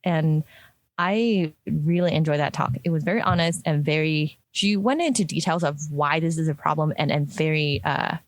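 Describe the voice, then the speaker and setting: A woman's voice: low voice, moderate pace, no room sound. A woman, a product designer, talking casually in a discussion, with lots of fillers and restarts. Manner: chatty, many fillers and restarts.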